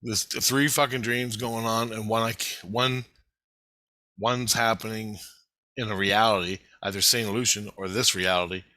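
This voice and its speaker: A man telling a rambling, profane story in casual vlog style, getting excited as he goes. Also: fairly low pitch, normal speed, no room sound. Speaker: vlogger.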